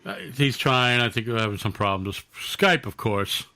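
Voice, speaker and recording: Bright laughing Boston man. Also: mid-range voice, animated, normal speed. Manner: defensive, laughing joker. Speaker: podcast co-host. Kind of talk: casual banter.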